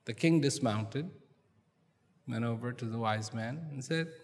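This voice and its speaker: Slow, deliberate male storyteller. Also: medium pitch. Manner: slow, deliberate, questions the audience directly. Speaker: speaker addressing an audience. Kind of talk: storytelling talk to a live audience. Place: large hall in front of an audience. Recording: long hall reverb.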